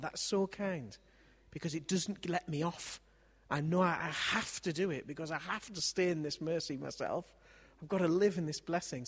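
A man's voice: a little high, breathy edge. A man preaching in a church service, telling a family story in a chatty way and often ending on tag questions. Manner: conversational, leans on tag questions.

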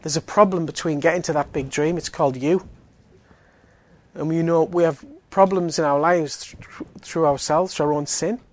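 A man's voice: a little high, fairly even intonation, normal speed, darkish tone. Chatty man giving a faith talk. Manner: conversational, many fillers, joking asides. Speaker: Alpha course speaker. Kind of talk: evangelistic talk.

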